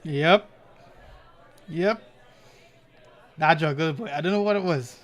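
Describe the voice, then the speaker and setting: His pitch is fairly high and his pace slow as he spins animated stories on a podcast he co-hosts. The chat is casual and he laughs a lot.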